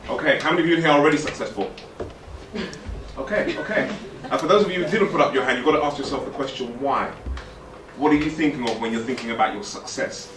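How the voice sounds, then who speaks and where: Talking fast in a medium-pitched voice, a motivational speaker in his 40s addresses a youth forum crowd with direct, playful jokes and slangy put-on voices. The recording comes from a distance in an echoey event hall, with a live audience and background noise.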